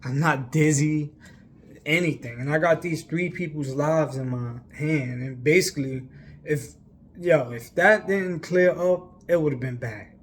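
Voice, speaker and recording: A man's voice: fairly high pitch, measured pace, a little hiss or hum. A young man telling a long personal story in a casual, rambling way, emphatic and full of fillers. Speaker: vlogger.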